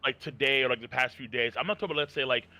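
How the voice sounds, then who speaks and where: A man's voice: mid-range voice, rapid-fire, sharp tone. A man co-hosting a podcast, talking animatedly and profanely with lots of filler words. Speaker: podcast co-host. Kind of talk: casual podcast chat.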